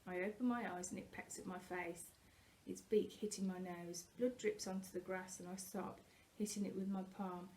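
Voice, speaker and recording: A woman reading a first-person novel aloud, expressive and growing louder at tense moments, with the odd slip and self-correction. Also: on the low side, normal speed, slight background noise, poor audio. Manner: occasional slips and self-corrections. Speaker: reader.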